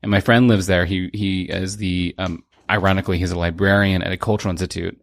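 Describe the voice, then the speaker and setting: A man's voice: sits low, level tone, fast talker, no room sound. A man, a podcast guest, chatting casually and rambling through jokey stories. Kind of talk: casual chat.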